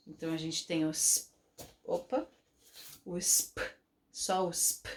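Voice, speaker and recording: A woman with a Brazilian Portuguese accent teaching children phonics, slowly modeling each sound and asking them to repeat. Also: medium pitch, flat delivery, slight background noise. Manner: slow, drawn-out modeling of sounds for repetition.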